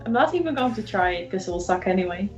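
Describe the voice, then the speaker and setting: A woman's voice: mid-range voice, lively intonation, fast. A woman talks casually over a video call, chatty and self-deprecating. Her voice sits in the middle of the range for a woman, and it comes through a roomy, dull, lo-fi line with faint music underneath. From Netherlands. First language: Dutch. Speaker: guest illustrator. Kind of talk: casual chat. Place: home in Ireland, late at night.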